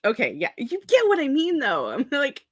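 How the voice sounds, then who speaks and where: On a productivity live stream, a sleep-deprived young woman chats casually with viewers, rambling, scattered and self-deprecating as she laughs often. Her voice is high, and the studio-quality recording has no room sound.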